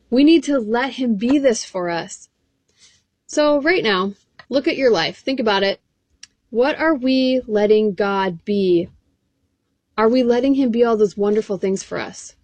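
A woman with a fairly high voice preaches a sermon earnestly, reading scripture aloud and putting questions directly to her listeners. The audio is dry and close, without any room echo.

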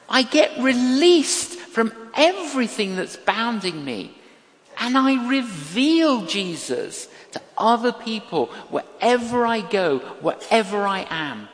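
An older woman preaching a sermon, telling stories from her own life in an emphatic, measured way. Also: a little high, long reverb tail. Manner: slow, emphatic preaching with lively storytelling. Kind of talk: sermon with storytelling.

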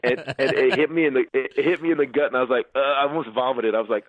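A man, a comedian and filmmaker, telling stories in a casual chat, quick and animated with lots of restarts. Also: mid-range voice, no room sound. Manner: fast, animated storytelling with many restarts. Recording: dry, phone-like narrow sound.

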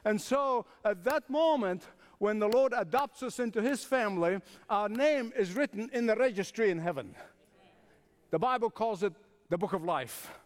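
A man's voice: high-pitched, animated, moderate pace, long reverb tail. A man preaching a sermon with emphatic repetition, chuckling, and inviting the congregation to respond. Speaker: pastor.

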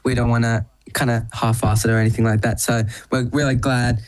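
A man's voice: medium pitch, level tone, fairly quick, poor audio. A young man of eighteen from Western Australia, a musician guest talking eagerly in an interview and rambling with lots of fillers. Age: young adult. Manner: eager, rambling with many likes. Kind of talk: casual interview chat.

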